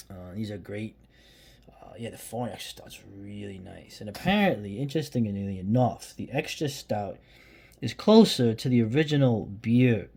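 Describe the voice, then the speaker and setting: A man from the United States chatting casually to camera about beer, rambling and restarting sentences, sometimes dropping to a hushed near-whisper. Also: fairly low pitch, creaky, breathy edge. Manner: rambling, self-interrupting, drops to a hushed near-whisper when admiring the beer. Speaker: beer vlogger.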